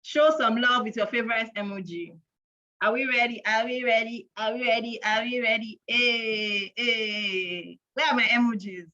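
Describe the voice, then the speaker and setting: Woman, 30s, slightly high voice, playful chatty quiz host, dull lo-fi stream audio. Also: fairly even intonation, moderate pace, pushed and bright. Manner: playful and chatty, counting aloud, teasing the audience. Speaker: host of an online parenting event. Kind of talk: lively live-stream quiz hosting.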